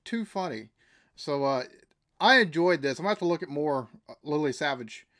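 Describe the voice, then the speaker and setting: A man's voice: on the high side, animated, moderate pace, a bit bright. A man, hosting a casual reaction video, laid-back and laughing as he rambles. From United States.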